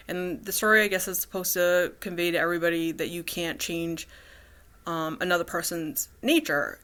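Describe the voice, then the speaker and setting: Woman rambling thru a personal vlog, lots of ums and likes, bright edgy voice. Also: lowish voice, normal speed, clean tone. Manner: rambling, many fillers and restarts. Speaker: vlogger.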